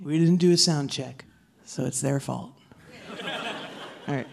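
A woman's voice: sits low, a little slow, vocal fry. Ranting woman stand-up comic. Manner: animated, shouty ranting. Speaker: comedian. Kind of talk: stand-up comedy set. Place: theater stage with live audience. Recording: live theater with crowd noise.

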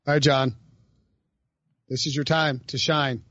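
A man hosting a podcast, talking in a rambling, animated, self-interrupting way. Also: medium pitch, unhurried, no room sound, dull audio. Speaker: podcast host. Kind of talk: casual chat.

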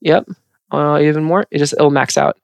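On a laid-back podcast, a young trans woman working in Foley shares stories with lively expression and plenty of filler words. Her low, gravelly voice moves at a moderate pace, and the studio recording is clean with no echo.

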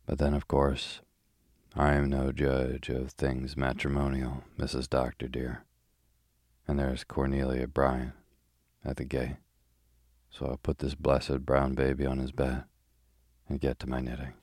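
A pious, chattering older spinster housekeeper, read by a man for a sleepy bedtime audiobook. The voice sits extremely low and barely moves in pitch. It is dry and close to the mic. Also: completely flat delivery, measured pace, a little mellow, no echo. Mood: gossipy. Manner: chatty, prim, old-fashioned.

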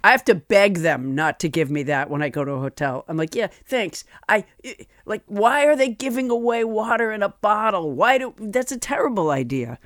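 A woman's voice: medium pitch, animated, fairly quick, hardly any pauses, no echo, studio quality. A woman co-hosting a comedy podcast, making wry, jokey remarks in casual chat. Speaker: podcast host.

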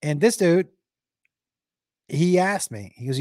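A man telling a wild stand-up story to a crowd, swearing freely and swinging between loud bursts and near-whispers. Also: a little high, measured pace, pauses often, dry recording, clean studio sound. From Texas. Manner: animated, profane, swings loud and quiet.

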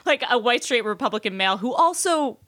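A woman's voice: on the high side, lively intonation, a bit bright, dry recording, clean studio sound. A woman hosting a podcast, a senior writer who moves from laughing banter into a read-out segment intro. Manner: laughs often, brisk and conversational. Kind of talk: casual chat and scripted intro.

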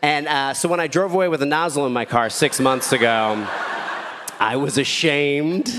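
A man's voice: normal speed, a little hiss or hum. A man in his thirties telling a rambling, self-deprecating stand-up story as a new dad. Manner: rambling, self-deprecating, with squeaky shouted quotes. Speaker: stand-up comedian. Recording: echoey hall with faint ambience.

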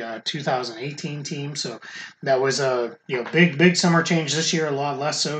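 A man's voice: a little high, a little hiss or hum. A man from the Boston area hosting a podcast in a loose, conversational way with frequent restarts. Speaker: podcast host. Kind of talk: casual podcast talk.

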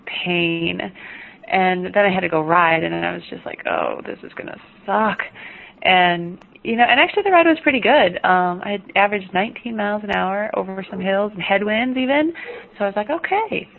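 A woman's voice: mid-range voice, a little fast, creaky, narrow, tinny audio. A woman co-hosting a podcast, chatty and self-deprecating, telling stories casually. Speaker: podcast co-host.

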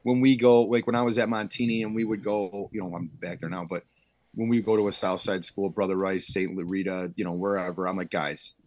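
Low-pitched guy coach, chatty storyteller, dry close sound, laughs a lot. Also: level tone, fairly quick, dry recording. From Illinois, Chicago suburbs. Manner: storytelling, acts out quotes loudly, laughs often. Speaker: high school football defensive coordinator, podcast guest. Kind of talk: casual podcast chat.

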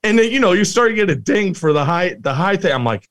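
A man's voice: high-pitched, very animated, quick pace, hardly any pauses, fairly bright tone. A middle-aged man co-hosting a podcast, telling stories animatedly and often breaking into laughter. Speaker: podcast co-host. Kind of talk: casual chat.

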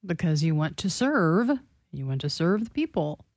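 A woman's voice: deep voice, very animated, normal speed, a little mellow, dry recording. A female radio co-host who answers in short, agreeable replies. Her voice sounds dry and close, with no room around it. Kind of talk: talk radio banter.

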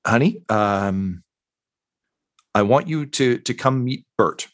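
A man's voice: mid-range voice, lively intonation, takes it slowly. A man voicing a small halfling woman who speaks in a level, polite tone. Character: small halfling woman, former hospitality worker, composed.

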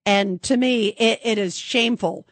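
A woman's voice: mid-range voice, a little slow, no echo. A woman hosting a call-in radio show, emphatic and indignant, effusive toward her callers. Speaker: radio talk show host.

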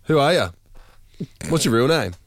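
Lively playful Australian co-host. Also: male voice, medium pitch, measured pace, no echo. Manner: playful, interjecting. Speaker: podcast co-host. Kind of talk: casual chat.

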